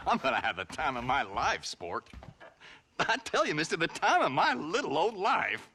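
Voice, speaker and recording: A foppish, giddy city writer who giggles and gushes with a bright, lively voice. Every line is theatrical and florid. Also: male voice, on the high side, moderate pace, slight background noise, exaggerated voice. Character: foppish male writer from back east, giddy.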